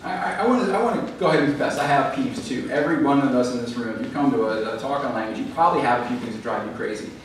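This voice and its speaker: A man giving a lively, conversational public lecture to a library audience, then taking questions. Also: medium pitch, rapid-fire, hardly any pauses. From American South. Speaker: author giving a library talk. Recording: roomy echo, distant mic, faint background noise.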